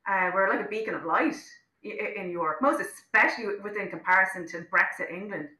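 Impassioned Irish woman, bright echoey voice. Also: medium pitch, fast. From Ireland. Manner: impassioned and outspoken, many restarts. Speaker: interview guest, actor-director. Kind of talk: casual interview chat.

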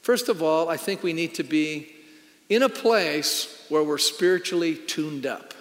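A man's voice: on the high side, a little slow, long reverb tail. A middle-aged man, a pastor, preaching a sermon in a conversational, storytelling way with emphatic punches.

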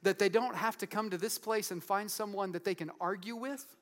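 A man preaching a sermon in an earnest, conversational way, asking the congregation frequent rhetorical questions and dropping to a soft voice for emphasis. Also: high-pitched, a little fast. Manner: drops to a soft, quiet voice for emphasis. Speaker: pastor.

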